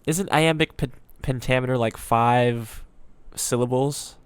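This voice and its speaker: A man chatting casually as he reacts to a video, thinking out loud with plenty of ums and half-finished thoughts. His voice sits at an ordinary middle pitch. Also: a little slow, clean tone, no echo. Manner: rambling, musing aloud with frequent ums.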